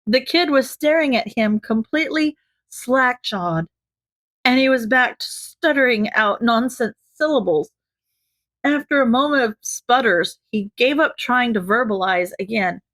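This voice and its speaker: A woman narrating a fan fiction audiobook in a measured, gentle way. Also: fairly high pitch, animated, dry recording. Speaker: audiobook reader.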